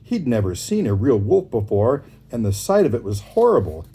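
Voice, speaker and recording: A man reads fables aloud in a relaxed, easy way, with warm, mellow tone and a slightly husky grain. His pitch moves a lot as he reads, giving the story plenty of lift. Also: moderate pace. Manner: relaxed, easy reading with asides.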